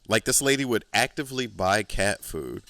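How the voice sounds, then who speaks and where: A man hosting a podcast, telling a long story in a relaxed, rambling way and swearing freely. His voice is low and smooth, recorded close and dry with no room echo. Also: normal speed. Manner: rambling, profane, laid-back. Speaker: podcast host. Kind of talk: casual storytelling.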